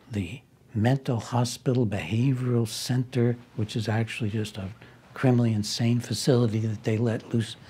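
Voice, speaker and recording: Man, very raspy voice, dark tone, casual storytelling, wry asides. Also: medium pitch. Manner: anecdotal, with wry asides and restarts. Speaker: speaker recounting a personal conflict. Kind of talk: conversational storytelling.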